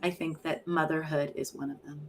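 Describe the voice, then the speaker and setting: A woman's voice: deep voice, flat delivery, brisk, background noise. A middle-aged woman, a poet and professor, talking frankly and reflectively in an interview, often laughing at herself. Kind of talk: candid conversational interview.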